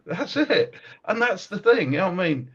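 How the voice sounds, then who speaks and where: A middle-aged man hosting a podcast, chatting casually and telling animated stories with frequent laughs. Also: sits high, normal speed, breathy edge, muffled recording. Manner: animated storyteller, laughs often. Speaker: podcast host, martial arts coach. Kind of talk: casual chat.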